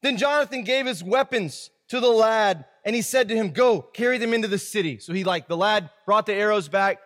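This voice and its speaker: High-voiced casual preacher in a hall. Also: male voice, fairly quick, fairly bright tone. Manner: reads scripture aloud, then riffs in slangy asides. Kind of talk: casual Bible-study sermon.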